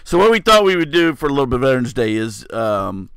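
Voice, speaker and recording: A man's voice: mid-range voice, very animated, fast, a bit bright, clean tone, no room sound. Laid-back joking man, dry close mic. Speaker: podcast co-host. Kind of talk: casual chat.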